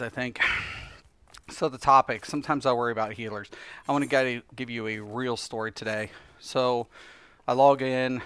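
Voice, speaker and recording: A man's voice: medium pitch, fairly bright tone, clear, resonant tone. Tired, exasperated male gaming host. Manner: exasperated, swearing, loose rambling delivery. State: a little tired. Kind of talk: casual gaming rant.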